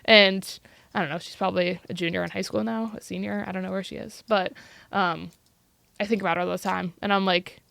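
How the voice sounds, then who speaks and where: A woman who teaches youth violence prevention, telling stories in a podcast interview in an earnest, animated way with frequent "like". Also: mid-range voice, fairly quick, creaky, clear, resonant tone, no room sound.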